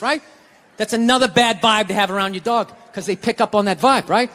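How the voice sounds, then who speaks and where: An American man doing a stand-up routine, ranting and breaking into shouted outbursts. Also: very high-pitched, fairly quick. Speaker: stand-up comedian. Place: theater stage. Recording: live venue reverb.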